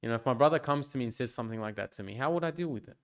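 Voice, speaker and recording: A man, a priest, giving an informal pastoral talk to a youth group in a gentle, reflective way, with frequent restarts and fillers. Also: medium pitch, expressive, rapid-fire, clean tone. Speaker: priest leading a youth meeting. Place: church hall.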